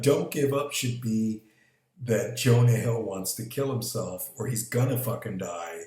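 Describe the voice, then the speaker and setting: A man's voice: fairly low pitch, a little mellow. A man rambling casually in a vlog, swearing freely and chuckling at his own ideas. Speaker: vlogger. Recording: echoey room with faint background noise.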